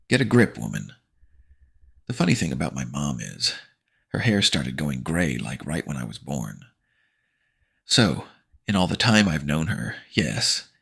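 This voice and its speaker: Super deep gravelly guy reading a kids horror audiobook, snarky teen voice, swoopy delivery. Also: pushed and bright. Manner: sarcastic slangy teen banter. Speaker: audiobook narrator. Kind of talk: first-person audiobook narration as a teen boy.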